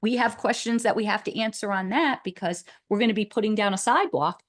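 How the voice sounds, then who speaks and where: A woman's voice: mid-range voice, fast talker. Woman, committee member at a town meeting; discursive, talks through the issue with many restarts. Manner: thinking aloud, rambling with restarts and "like". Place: meeting room.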